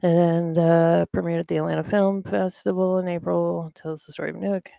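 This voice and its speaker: Podcast host, gravelly voice, dry close mic, rambling casual chat. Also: mid-range voice, flat delivery, normal speed, hardly any pauses, dark tone, no room sound. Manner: rambling, talks to self while browsing.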